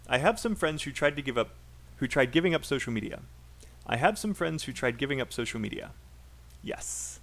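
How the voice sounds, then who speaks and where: A British English-speaking teacher hosts a livestreamed pronunciation lesson in a chatty, encouraging, animated style. In his mid-range voice he speaks sentences aloud, splits them into short pieces, and repeats each slowly so learners can follow the stress and rhythm, with a little hiss or hum audible.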